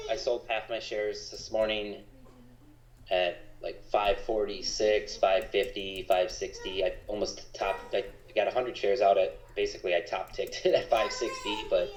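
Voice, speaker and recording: A man talking casually in a monotone on a stock trading livestream. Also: lowish voice, a little hiss or hum. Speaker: co-host trader. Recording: echoey, dull lo-fi sound.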